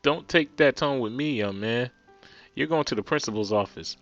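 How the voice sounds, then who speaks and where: A man's voice: mid-range voice, normal speed, fairly bright tone, no echo, lo-fi sound, faint music behind, close to an everyday voice. A man doing a pompous scolding teacher. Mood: stern. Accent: New Jersey. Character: stern, stuffy male schoolteacher.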